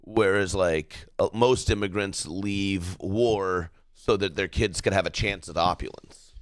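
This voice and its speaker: Low-voiced man telling family stories. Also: measured pace. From Southern California. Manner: laid-back storytelling, swears freely. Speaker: guest comedian. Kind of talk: casual podcast chat.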